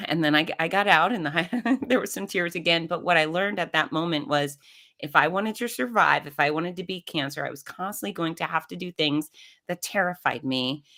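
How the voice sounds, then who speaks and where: Lively middle-aged woman telling a story. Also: on the low side, normal speed. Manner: animated, acts out quoted voices. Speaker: podcast guest. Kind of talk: conversational storytelling.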